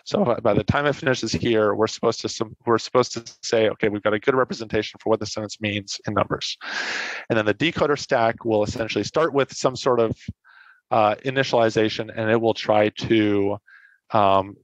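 A man's voice: fairly low pitch, a little fast, no room sound, dull audio. A man presenting a technical lecture at a meetup, explaining in a casual way, with frequent fillers and restarts as he corrects himself. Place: online meetup talk.

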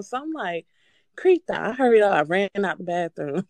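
Animated woman caller telling a story. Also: mid-range voice, normal speed, dry recording. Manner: animated, swearing, breaks into nervous laughter. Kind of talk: casual storytelling.

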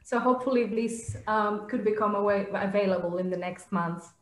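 A woman's voice: mid-range voice, moderate pace, reverberant, rough recording. Woman making an announcement on a video call. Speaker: event organizer.

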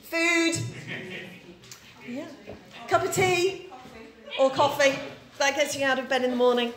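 Woman pastor in her 40s from yorkshire, chatty storytelling sermon, bit high voice, roomy church echo. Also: unhurried, fairly bright tone. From Yorkshire, England. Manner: chatty, anecdotal, asks the congregation questions. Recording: echoey church room.

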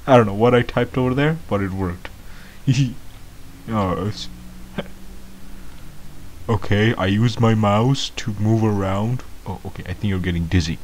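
A man giving excitable, baffled gameplay commentary as a first-time gamer, laughing often. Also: fairly low pitch, measured pace, pauses often, slight background noise.

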